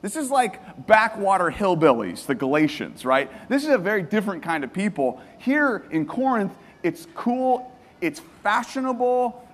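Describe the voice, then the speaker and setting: A man preaching a sermon to a congregation, lively and joking, asking them questions and repeating their answers. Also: high-pitched, in a large hall. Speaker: pastor. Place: church hall.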